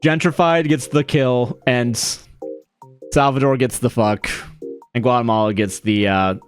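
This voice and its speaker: A man's voice: mid-range voice, fairly even intonation, unhurried. Streamer guy rambling along, keeps saying sorry, laughs a lot, faint music behind. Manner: rambling, self-correcting, apologetic, laughs often. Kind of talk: casual live-stream chat.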